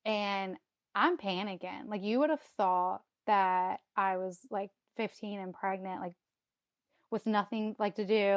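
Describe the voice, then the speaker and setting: A woman in her thirties appears as a podcast guest, casually telling her own story, acting out how she reacted at the time and laughing often. Her mid-range voice moves at a moderate pace in a dry recording.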